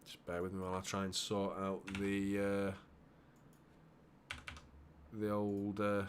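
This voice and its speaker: A man hosting a live football watchalong, calling the play with bursts of excitement and muttered asides. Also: lowish voice, slow, a little hiss or hum. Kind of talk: live match commentary for a fan watchalong.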